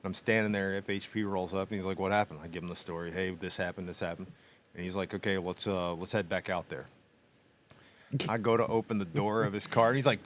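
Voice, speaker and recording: A middle-aged man co-hosting a podcast, telling a story in a lively, animated way, acting out other people's voices and laughing often. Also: deep voice, brisk. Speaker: podcast co-host. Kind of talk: casual storytelling chat. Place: small machine shop studio.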